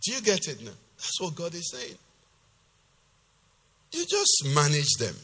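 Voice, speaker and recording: A male pastor preaching a sermon, reading scripture loudly with force and then explaining it in a lower, conversational voice. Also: wildly swooping pitch, measured pace, husky. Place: church hall. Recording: long reverb of a church hall.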